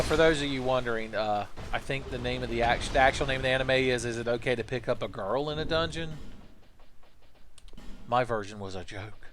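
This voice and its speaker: A man's voice: medium pitch, background noise. A man streaming a game live, chatting casually and joking as he rambles through questions from his chat.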